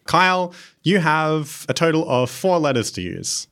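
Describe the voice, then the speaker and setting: A man's voice: on the high side, sing-song, unhurried, a bit bright. A man hosting a comedy game show, playfully calling turns and announcing scores.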